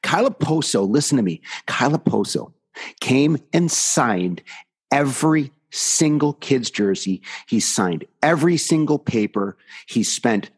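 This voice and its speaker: A man's voice: medium pitch, expressive, measured pace, breathy edge. A man who coaches youth hockey, telling a story on a podcast in an emphatic, indignant way and repeating words for effect.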